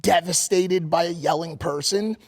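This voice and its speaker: Husky gravelly dude on a podcast, swearing a lot, rambling story, yelling out the quotes. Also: male voice, on the high side, steady tone, moderate pace. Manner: profane, rambling, acts out quotes loudly. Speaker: podcast co-host. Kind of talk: animated storytelling.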